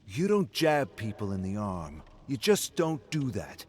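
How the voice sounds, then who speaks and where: A man voicing a hot-tempered, defensive drunk brawler who talks in gruff, curt bursts. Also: medium pitch, lively intonation, measured pace, a little hiss or hum, pitched above the performer's own voice, lightly acted. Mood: irritated.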